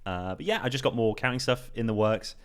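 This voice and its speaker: A man's voice: mid-range voice, a little fast, clean tone. A young British man, a card-counting guest, telling stories in an easygoing, self-deprecating way on a casual podcast. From United Kingdom.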